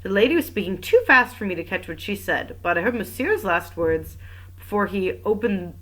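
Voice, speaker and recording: A woman reading the part of an excitable young female French maid who speaks eagerly and dramatically. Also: mid-range voice, moderate pace. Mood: proud.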